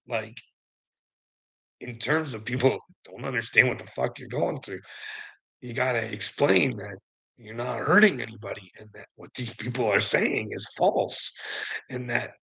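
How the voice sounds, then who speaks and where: Man, vlogger, agitated rambling rant, gravelly and husky with a bright edge, laughs often, swears freely. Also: mid-range voice. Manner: heavy swearing, frequent nervous laughs, agitated. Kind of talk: rambling monologue to camera.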